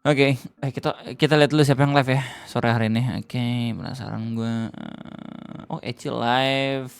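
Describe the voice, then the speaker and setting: A man's voice: medium pitch, steady tone, moderate pace, creaky, clear, resonant tone, dry recording. A man chatting casually on a reaction livestream, slangy, swearing offhand and laughing often. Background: faint music.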